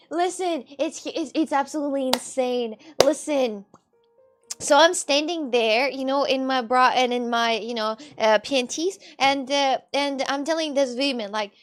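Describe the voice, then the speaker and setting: High-voiced woman, chatty and laughing. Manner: animated, laughing, bursts of shrieks while retelling. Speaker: vlogger. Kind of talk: casual storytelling to camera.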